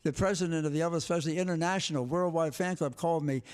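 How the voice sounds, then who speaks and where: An older man tells stories in an interview, his voice pitched high for a man. He talks with animated energy and slips into the voices of the people he quotes. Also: fast talker, clear, resonant tone. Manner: lively, animated storytelling, acts out quotes. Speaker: guest, former TV sports director. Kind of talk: storytelling interview.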